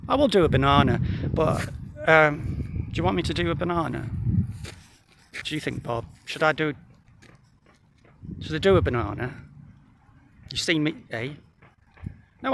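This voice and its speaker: A man's voice: fairly high pitch, vocal fry, bright, forceful tone, slight background noise. A man chatting and joking to the camera in a rambling way while standing in a wheatfield, recorded on a phone. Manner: joking, rambling, talks to an unseen companion. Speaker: vlogger. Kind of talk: rambling outdoor vlog chat. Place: outdoors in a wheatfield.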